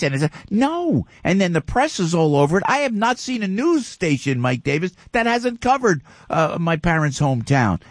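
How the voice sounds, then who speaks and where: A man's voice: mid-range voice, dry recording, studio quality. Fired-up radio host, stammering man. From New Jersey. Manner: heated, repetitive, stammering restarts. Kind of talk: fired-up talk radio interview.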